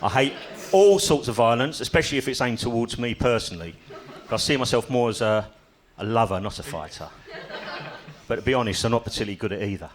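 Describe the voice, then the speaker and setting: A man's voice: mid-range voice, expressive, fast talker, crowd noise. An older man doing a stand-up comedy set on a club stage, telling stories with dry, self-mocking humor.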